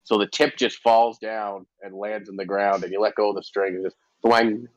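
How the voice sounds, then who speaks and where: A man with a lowish voice runs a tabletop game as game master. He narrates and calls turns in a laid-back way, laughs a lot and swears casually. The sound is dry and close. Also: fairly even intonation, moderate pace, no echo, highs cut off. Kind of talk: running a tabletop game over voice chat.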